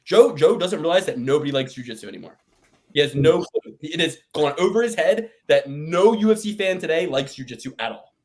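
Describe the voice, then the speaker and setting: A man's voice: on the high side, lively intonation, a little fast, darkish tone. A man co-hosting a podcast, rambling in a casual chat and swearing often as he rants. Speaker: podcast co-host.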